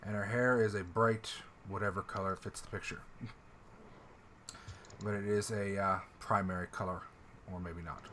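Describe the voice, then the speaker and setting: A man running a tabletop game describes scenes and objects in a bright, clear-edged voice, pausing on fillers and clearing his throat. A faint hiss sits under the sound. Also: lowish voice, steady tone. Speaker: game master. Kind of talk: narrating a tabletop game online.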